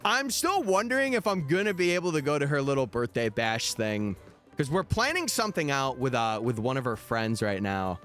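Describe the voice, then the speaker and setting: A man's voice: mid-range voice, sing-song, normal speed, a bit bright. A young man streaming live, chatting casually and answering his viewers' messages over faint background music. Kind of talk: casual livestream chat.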